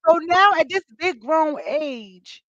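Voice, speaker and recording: A fairly high-voiced woman with tells a story to her podcast listeners, laughing as she acts out what people said. The sound is dull and muffled, with no room echo at all. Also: takes it slowly. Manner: animated, laughing, acts out quotes. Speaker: podcast host.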